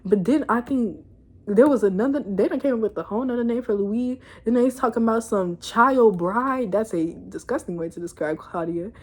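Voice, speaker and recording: A young woman giving a casual, animated recap of a TV episode, laughing and cursing as she tells it. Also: on the high side, fairly quick. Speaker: show reviewer. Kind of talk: casual chat video review.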